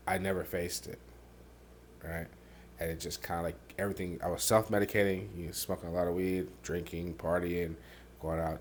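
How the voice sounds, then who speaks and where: A man hosting a podcast, telling his own painful story candidly, halting with many fillers and dropping quiet on the hardest parts. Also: a little hiss or hum. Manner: softens and drops low on painful parts. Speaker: podcast host.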